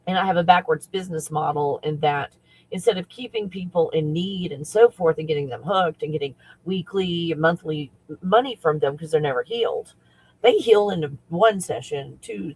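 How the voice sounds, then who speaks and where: A man who works as a spiritual coach talks casually on a livestream, excitable and rambling, often breaking into laughter. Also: high voice, unhurried, breathy edge, poor audio.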